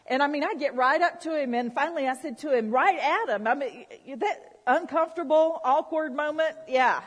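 A woman preaches from the pulpit in a fairly high, slightly husky voice. She moves from hushed storytelling to loud, pleading calls, with her voice ringing through a reverberant church hall. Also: normal speed. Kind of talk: sermon with personal story.

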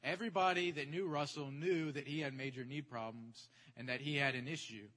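A man preaching, telling a testimony story in an animated, chatty way and checking in with his audience. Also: fairly high pitch, brisk. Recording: echoey hall.

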